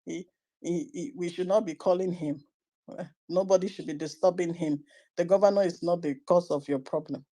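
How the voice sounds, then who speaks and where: A woman's voice: on the low side, fairly even intonation, moderate pace, warm tone, close to an everyday voice. A woman mimicking a timid citizen who stammers while defending the governor. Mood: defensive.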